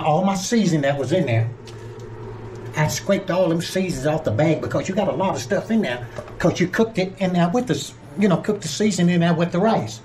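An older man from Georgia hosts a casual cooking vlog, chatting in a playful, folksy way and calling his viewers closer. His voice sits fairly high for a man. A faint hum of noise runs under the recording. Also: darkish tone. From Georgia, USA. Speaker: home cook and channel host.

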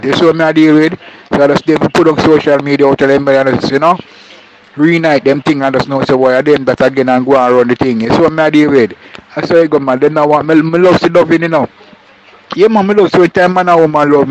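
A man's voice: on the high side, slight background noise, low-quality recording. A man with a Jamaican accent giving rambling street commentary, often checking that the listener understands. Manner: rambling, repeats "you understand".

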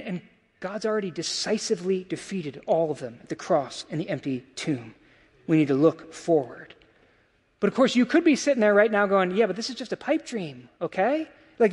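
A man preaching a sermon as pastor, talking conversationally, with rhetorical questions and lots of "right?" and "of course". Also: high-pitched. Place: church sanctuary. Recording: long hall reverb.

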